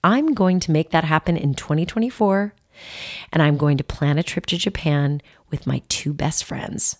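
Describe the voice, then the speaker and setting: A woman's voice: sits low, normal speed. A woman in her late forties giving a motivational self-help talk, earnest and playful, stretching words out for emphasis. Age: 40s.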